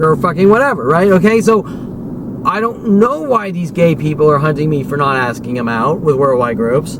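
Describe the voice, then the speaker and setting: A man delivering an agitated, profane, rambling rant as a vlogger, repeating himself and swearing often. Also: high voice. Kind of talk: unscripted rant to camera. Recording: noisy recording with vehicle sounds.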